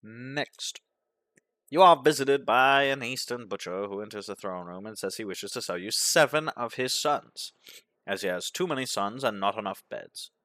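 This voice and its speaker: A man narrating a game playthrough, reading its events aloud in a deadpan manner. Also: on the low side, moderate pace, dry recording. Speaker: gaming commentator.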